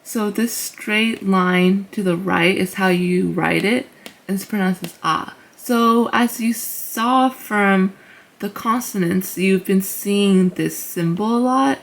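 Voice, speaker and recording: A woman casually teaching beginners, slow and patient, repeating each sound and using many fillers. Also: medium pitch, vocal fry. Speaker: language teacher. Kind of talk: casual tutorial.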